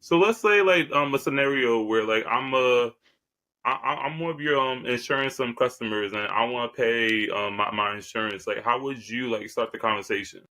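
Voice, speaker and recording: A man hosting a casual podcast, asking questions in a halting way with many fillers. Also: medium pitch, sharp tone. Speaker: podcast host.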